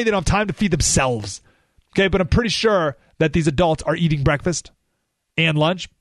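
A male radio host speaking into a studio microphone, his voice sitting a little high. He rants emphatically and drops sarcastic asides. The sound is dry and close. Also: no echo. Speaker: radio talk show host. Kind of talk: political talk radio monologue.

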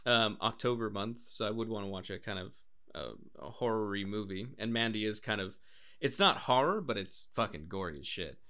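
A man's voice: fairly low pitch, animated, a little fast, bright, forceful tone, smooth. A young man chatting casually, swearing freely and acting out voices as he tells stories. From Wales. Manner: swears freely, acts out voices and laughs while telling stories. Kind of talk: casual chat.

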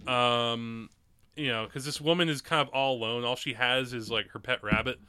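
Bright-voiced man rambling through movie reviews. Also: medium pitch, fairly even intonation, normal speed, clean tone, no echo. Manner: rambling, laughs often, lots of fillers. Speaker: podcast co-host. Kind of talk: casual movie review chat.

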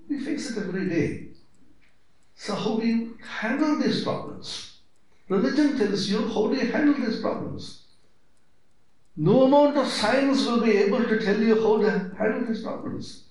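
A man giving a spiritual discourse, asking rhetorical questions and stressing his points. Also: normal speed. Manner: emphatic, rhetorical questions, lively swings in pitch. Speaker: spiritual teacher. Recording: very echoey hall.

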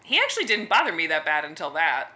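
A woman co-hosting a podcast, recapping a TV episode in chatty, lively storytelling. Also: sits low, fast. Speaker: podcast co-host. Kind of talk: casual recap chat.

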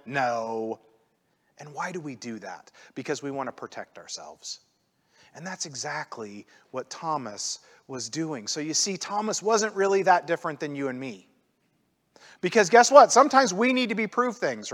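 Man, pastor, casual sermon, animated, acts out quotes, high voice, hall reverb.

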